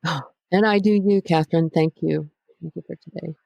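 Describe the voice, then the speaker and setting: A woman hosting a podcast, her voice notably low. She speaks in a measured, encouraging way. The sound is dry and close, with no room at all. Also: fairly even intonation, gravelly, warm tone, no room sound, muffled recording. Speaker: podcast host. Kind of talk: conversation and scripted outro.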